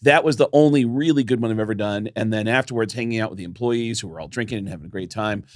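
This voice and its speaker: A man co-hosting a comedy podcast, telling stories in an animated way and jumping up in pitch when he acts out quotes. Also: quick pace, no room sound, studio quality. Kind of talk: casual podcast storytelling.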